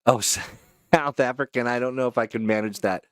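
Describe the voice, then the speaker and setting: A man's voice: mid-range voice, fairly quick, no echo. A man hosting a casual live stream between voice-over takes, joking and poking fun at himself with many fillers, into a studio microphone. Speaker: host and voice-over artist.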